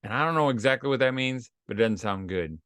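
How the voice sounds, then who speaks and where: A man's voice: mid-range voice, animated, fast, fairly bright tone, clean tone, dry recording, clean studio sound. A middle-aged man hosting a short advice series for fathers, telling folksy, self-deprecating stories from his own family life. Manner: folksy and self-deprecating, acts out quoted voices. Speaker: host of a homeschooling tips series for dads. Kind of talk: casual advice talk with personal stories.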